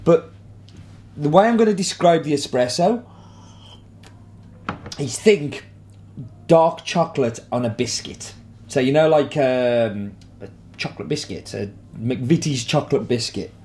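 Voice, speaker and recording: A man hosts a relaxed coffee tasting vlog in a mid-pitched voice. He chats enthusiastically and leans on plenty of ums and uhs. Faint background noise hums behind him. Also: a little slow, long pauses. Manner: enthusiastic, chatty, filler-heavy. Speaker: coffee roaster host.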